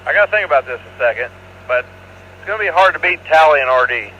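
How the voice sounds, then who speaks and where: A man's voice: fairly high pitch, lively intonation, fast talker, highs cut off, a little hiss or hum. A man being interviewed outdoors at a golf course at night, giving brief, laconic answers. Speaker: interviewee, event attendee.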